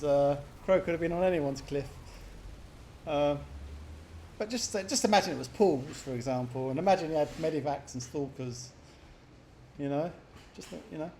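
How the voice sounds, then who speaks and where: A man commentates a strategy match in a relaxed, rambling way, teasing players by name and slipping into goofy voices. His voice sits a bit on the high side. A faint noise hums under the recording. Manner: chatty, laughs often, puts on silly voices for players. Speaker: game caster. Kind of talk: casual game commentary.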